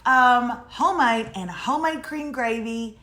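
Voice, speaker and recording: A woman in her forties, co-hosting a live morning show and telling stories in a chatty, animated way. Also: on the high side, a little slow. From Texas. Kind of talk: casual live chat. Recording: echoey room.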